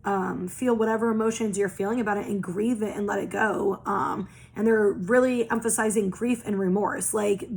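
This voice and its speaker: A young woman talks her viewers through an oracle reading in a casual, earnest way. Her voice sits mid-pitch with a gravelly fry. She reassures, strings phrases into long repeating lists, and swears offhandedly. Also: fairly even intonation, normal speed, few pauses, a little mellow. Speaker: tarot and oracle reader. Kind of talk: casual spiritual reading to camera.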